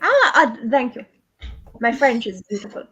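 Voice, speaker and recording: Woman, casual co-host, husky voice, wry. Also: a little high, big pitch swings, moderate pace, fairly bright tone, lo-fi sound. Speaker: co-host of a readathon livestream. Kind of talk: casual chat.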